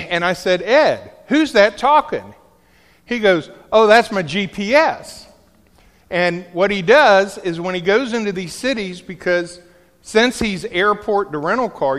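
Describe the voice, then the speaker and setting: His voice sitting high and fairly bright, a middle-aged pastor works jokes into a story during his sermon, the sound echoing with the long reverb of a big hall.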